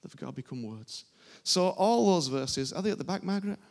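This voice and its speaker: Gravelly preacher man. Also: high-pitched, animated, fairly quick, darkish tone. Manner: informal, emphatic, repeats phrases. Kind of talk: sermon. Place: church service before a congregation.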